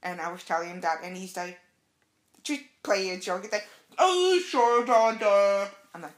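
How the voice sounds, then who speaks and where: A young adult woman telling a casual, excited story as a vlogger, acting out the quotes. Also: lowish voice, brisk, reverberant. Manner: chatty, excited, acts out quotes.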